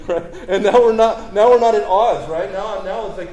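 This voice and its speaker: A man's voice: sits high, measured pace, dark tone, echoey room, low-quality recording. A man preaching a sermon in a casual, conversational way, often checking in with the crowd by asking "right?". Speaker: pastor.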